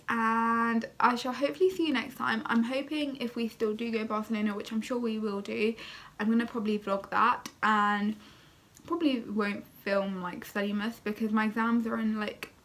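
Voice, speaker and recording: A young woman telling a casual story-time vlog, chatty and full of fillers, tired and still recovering. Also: medium pitch. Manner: chatty, many fillers like "like" and "oh my God". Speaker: vlogger.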